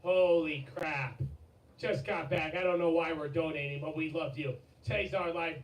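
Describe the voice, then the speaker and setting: A man hosting a livestream, excitable and swearing, with a strained, fading voice and sudden shouts and laughter. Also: fairly high pitch, measured pace, recorded from a distance. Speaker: livestream host. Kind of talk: hyped livestream chat. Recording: echoey, off-mic, with loud background noise.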